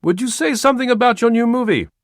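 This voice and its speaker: A man doing a high, eager press reporter. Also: lively intonation, fast talker, no room sound, studio quality. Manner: calling out questions. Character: excited male newspaper reporter.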